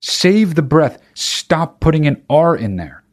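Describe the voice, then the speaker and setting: A man's voice: fairly high pitch, big pitch swings, slow pace. A man hosting a podcast, talking alone in a casual monologue, ranting with emphatic profanity and frequent restarts. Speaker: podcast host.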